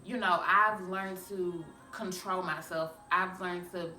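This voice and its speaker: Animated young woman vlogger, echoey room. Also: on the low side, slow, faint music behind. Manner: animated, chatty, addresses viewers as y'all. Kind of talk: storytime vlog. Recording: echoey room, a bit far from mic.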